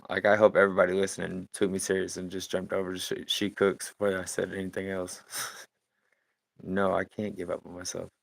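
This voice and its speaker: A man in his thirties chatting casually with viewers on a live stream while he paints, relaxed and rambling, laughing easily. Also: low voice, a little fast, gravelly, no echo. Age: 30s. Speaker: livestreaming painter.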